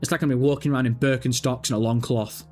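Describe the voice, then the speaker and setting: A man's voice: medium pitch, steady tone, racing, dark tone, faint music behind. A man hosting a live gaming stream, reading viewer comments aloud and answering with profane, jokey banter. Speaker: livestream host.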